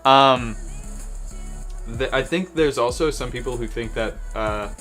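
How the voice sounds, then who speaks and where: A man's voice: mid-range voice, a little slow, a bit bright, soft background music. A man in his twenties with a Southern American accent, chatting casually and joking to himself while mixing drinks. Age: 20s. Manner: rambling, self-deprecating, jokey asides. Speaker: bartender streamer.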